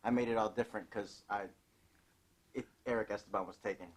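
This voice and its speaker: A man's voice: fairly low pitch, fairly even intonation, fairly quick. Profane, rambling male comedian. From Chicago, USA. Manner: loose, profane, rambling, punchy. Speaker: comedian guest. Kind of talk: casual comic storytelling on a podcast.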